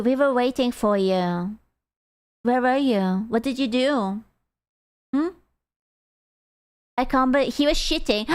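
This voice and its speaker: A woman's voice: fairly high pitch, measured pace, pauses often, clean tone. A woman streamer chatting casually with her viewers, blunt and playfully teasing. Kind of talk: casual live-stream chat.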